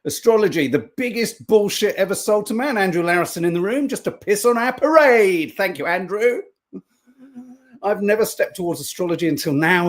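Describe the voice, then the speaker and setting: Brief: a male co-host, lively and sweary, slightly higher voice, swinging pitch. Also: moderate pace. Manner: jokey, animated, swears freely. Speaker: podcast co-host. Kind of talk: casual live-stream chat, reading viewer comments.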